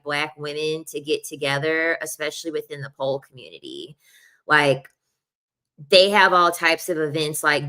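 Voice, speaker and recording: A woman's voice: low voice, bright, forceful tone. A young adult woman talking in a casual, rambling chat, full of "like" fillers and the odd laugh. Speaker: podcast host.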